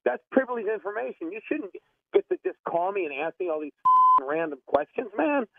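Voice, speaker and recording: A man taking an unexpected phone call, excitable and quick to get worked up. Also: high voice, vocal fry, no echo. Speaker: prank call target. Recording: tinny phone line.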